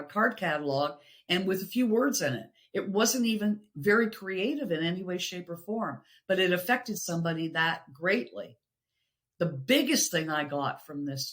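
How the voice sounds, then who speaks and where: A middle-aged woman, a podcast guest, sharing personal stories in an earnest, reflective way, with pauses and restarts. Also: fairly low pitch, a bit bright.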